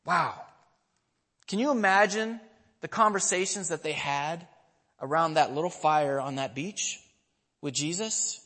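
A man's voice: high voice, animated, measured pace, in a large hall. A man in his thirties, a pastor preaching a sermon, telling a story and asking the listeners questions.

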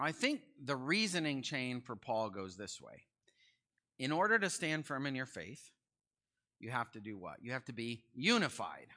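A young man teaching a Bible study in a conversational, animated way, asking his listeners questions. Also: mid-range voice.

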